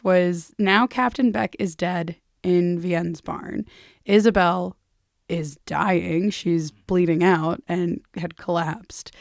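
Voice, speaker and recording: A woman co-hosting a podcast, recapping a novel in casual chat and lively acting out the characters' lines. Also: fairly low pitch, creaky, dry recording, studio quality. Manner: animated storytelling, acts out characters' lines, swears, laughs. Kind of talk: casual book-club chat.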